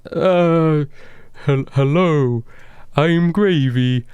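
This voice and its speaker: A man's voice: on the high side, very slow, a little mellow, clean tone, no echo, voice pushed up. A man voicing a nervous, flustered cook who stammers and hesitates.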